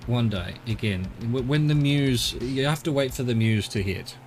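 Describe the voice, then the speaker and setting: A man's voice: mid-range voice, normal speed, darkish tone, slight background noise. An Australian man streaming a game, chatting casually and rambling to himself as he explores. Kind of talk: casual live-stream commentary.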